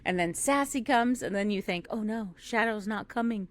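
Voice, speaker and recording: A woman in her thirties co-hosting a podcast, chatting casually and retelling a film with animated acted quotes. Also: mid-range voice, moderate pace. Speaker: podcast co-host. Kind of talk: casual chat.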